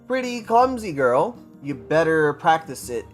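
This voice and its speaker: A man voicing a stubborn, gruff old grandmother while reading a story aloud. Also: on the high side, sing-song, measured pace, faint music behind. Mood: teasing.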